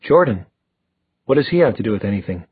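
A man with a husky voice voicing an agitated young male vampire who pleads and demands in a raised, urgent voice. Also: lowish voice, very animated, quick pace, dry recording, heavily acted. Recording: tinny phone-like dry recording.

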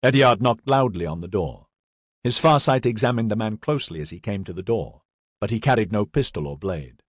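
A man giving a scripted audiobook narration in a steady, even storytelling manner. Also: fairly low pitch, brisk, dry recording, studio quality.

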